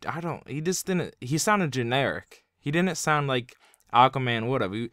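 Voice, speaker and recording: A man's voice: mid-range voice, lively intonation, moderate pace, fairly bright tone, no room sound, clean studio sound. A young man giving a casual spoken review, rambling with constant filler words. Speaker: video reviewer.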